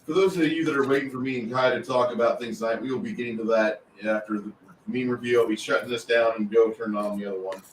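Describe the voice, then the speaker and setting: A man's voice: medium pitch, fairly even intonation, fast. A man hosting a casual meme review stream, reading memes aloud and swearing freely. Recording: echoey room, mic at a distance, faint noise.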